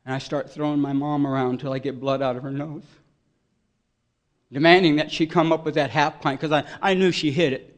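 A man giving an earnest, emotional personal testimony at a recovery meeting, voice swelling loud at its peaks. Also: fairly high pitch, fairly even intonation, a little fast.

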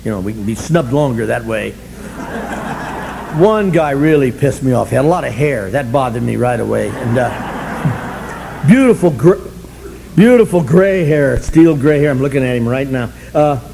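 An older man telling a humorous story at a recovery meeting, animated and self-mocking, swinging from loud bursts to low asides. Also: normal speed, gravelly, long pauses, noisy background. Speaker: speaker sharing his story at a recovery meeting.

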